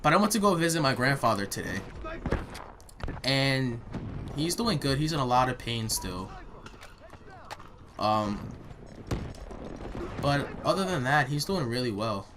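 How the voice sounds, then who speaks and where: A man's voice: mid-range voice, sing-song, unhurried, pauses often. A young man telling a heated, profane story about a bad day in a casual vlog while he plays a game. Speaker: vlogger. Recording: noisy home recording.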